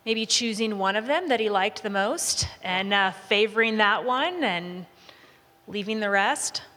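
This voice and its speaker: A woman leading a Bible study class, speaking in a relaxed, conversational way and inviting answers from the group. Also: medium pitch, a little slow. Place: large room with a group. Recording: long reverb of a large hall.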